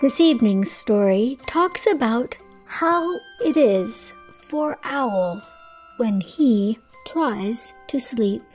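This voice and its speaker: A woman hosting a children's story hour, reading a bedtime tale in a slow, sing-song, drawn-out way and asking playful questions of her young listeners. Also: a little high, lively intonation, a little mellow, soft background music.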